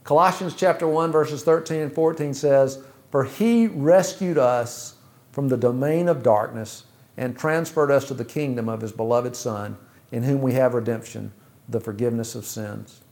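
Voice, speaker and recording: A man preaching a sermon, asking rhetorical questions in a measured way. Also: mid-range voice, darkish tone. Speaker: pastor.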